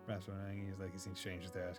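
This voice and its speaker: A man's voice: deep voice, monotone, fairly quick, music in the background. A man casually commenting on a game during a live stream, laughing and playful.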